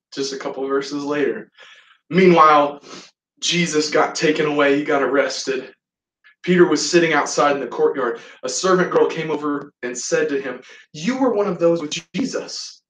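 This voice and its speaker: A man preaching a sermon, telling a story with animated delivery and acting out the scenes. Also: on the high side, normal speed. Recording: roomy hall, voice from a distance.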